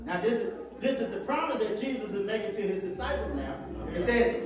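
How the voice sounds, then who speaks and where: A man with a Southern US accent preaching a call-and-response sermon as pastor, exhorting in rhythmic, drawn-out phrases. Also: high voice, animated, a crowd in the background. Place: church sanctuary. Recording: echoey church hall from far off with congregation.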